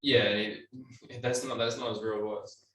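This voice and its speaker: Low-voiced, laid-back man on a call. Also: fairly even intonation, normal speed, a bit bright. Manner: laid-back, hesitant, many ums and uhs. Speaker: podcast co-host. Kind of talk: casual comedic chat. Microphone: Zoom call. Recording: echoey room, distant from mic, faint noise.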